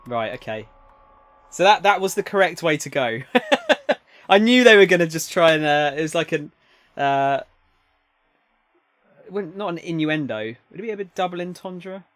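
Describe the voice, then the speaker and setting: A man's voice: a little high, lively intonation, moderate pace, pauses often, fairly bright tone, no room sound. A man casually commenting while streaming a story game, jokey and chatty, asking viewers to pick. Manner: chatty, jokey, asks chat for input. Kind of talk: casual let's-play commentary.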